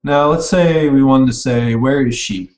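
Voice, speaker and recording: This man teaches language online in a relaxed recorded lecture, fixing his own slips and typing along as he explains. His mid-range voice is a little mellow and measured in pace, captured by a distant mic in an echoey room.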